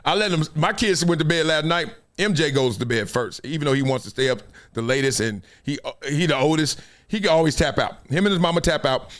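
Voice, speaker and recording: A middle-aged man hosting a casual sports talk show, slangy and animated, acting out quick voices as he riffs. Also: a little high. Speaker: show host. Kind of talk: casual commentary livestream.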